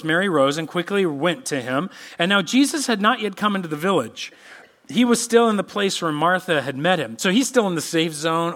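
A male pastor preaching with a high, bright voice that swings widely in pitch. He reads scripture aloud and slips into quick voices for the people he quotes. His delivery is expressive, rising and falling with emphasis. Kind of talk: sermon. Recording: church podcast sermon.

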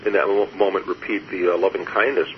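A man, a therapist speaking as an interview guest, reflective and storytelling, with soft laughs and frequent fillers. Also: deep voice, steady tone, fast talker. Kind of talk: conversational interview. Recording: muffled lo-fi audio with faint hiss.

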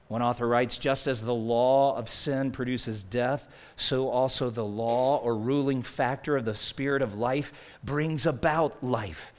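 A man preaching a sermon in a conversational way, rising to loud emphasis and dropping to near-quiet asides. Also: medium pitch, fairly even intonation, a little slow, few pauses. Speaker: pastor.

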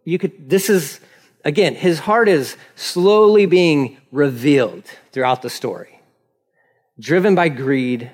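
A male pastor giving an animated, conversational sermon with frequent laughter. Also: a little high, slow. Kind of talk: casual sermon.

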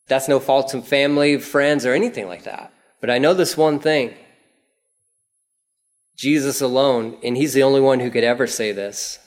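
A man preaching a casual, conversational sermon, telling the story vividly and acting out prayers in a raised voice. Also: moderate pace. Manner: animated storytelling, acts out prayers in a raised pitch. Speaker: pastor.

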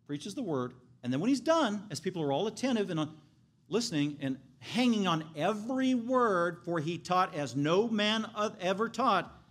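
A man delivering a sermon with a fairly high voice. He preaches emphatically, swinging between quiet stress and sudden loud cries. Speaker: pastor.

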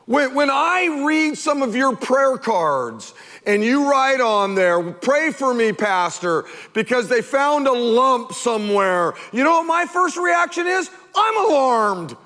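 A man preaching a sermon as pastor, animated and emphatic, firing off rhetorical questions at his congregation. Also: extremely high pitch, slow, in a large hall, faint music behind.

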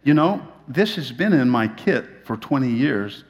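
A man's voice: mid-range voice, lively intonation, unhurried, lo-fi sound, a little hiss or hum, voice pushed up. A man voicing a cheerful middle-aged male dentist in a matter-of-fact, amused way while preaching a sermon. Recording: long reverb of a large hall.

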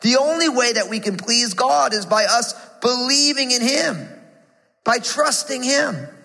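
A man's voice: extremely high pitch, unhurried, gravelly, sharp tone, in a large hall. A man in his forties preaching a sermon earnestly, repeating key phrases as he builds intensity. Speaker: pastor.

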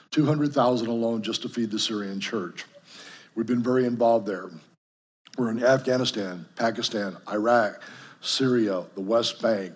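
A man's voice: on the low side, slightly rough. A man preaching earnestly to a group, telling personal stories. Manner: storytelling, earnest. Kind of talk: sermon to a group.

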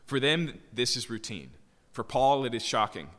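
A pastor delivers a sermon in a church sanctuary, his medium-pitched, fairly bright voice moving in a sing-song way at normal speed. He explains his points with emphasis, tossing in rhetorical "right?" questions, and the church hall adds a long reverb.

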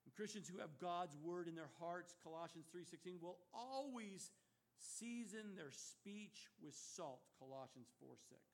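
A middle-aged man preaching a sermon as pastor, emphatic, swinging from loud rhetorical questions to hushed warnings. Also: sits high.

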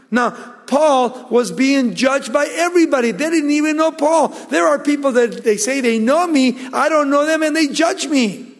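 A man preaching a sermon as pastor, emphatic and slowing down to stress key words. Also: very high-pitched. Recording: long reverb of a large hall.

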